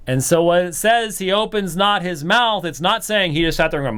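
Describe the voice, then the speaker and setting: A man hosts a commentary program with a smooth, resonant voice pitched a little high. He talks casually and animatedly, slipping into mimicking voices in the middle of his sentences. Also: a little fast, few pauses, fairly bright tone. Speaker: host of apologetics program.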